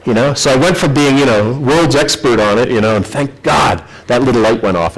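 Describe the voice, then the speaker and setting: A man's voice: mid-range voice, fairly quick, hardly any pauses, low-quality recording. A man presenting a technical conference talk, telling the story in a chatty, self-deprecating way. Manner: animated storytelling, acts out quoted voices.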